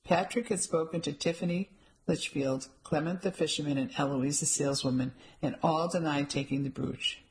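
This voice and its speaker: A woman reading first-person audiobook narration in a measured storytelling manner. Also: deep voice, fairly even intonation, poor audio.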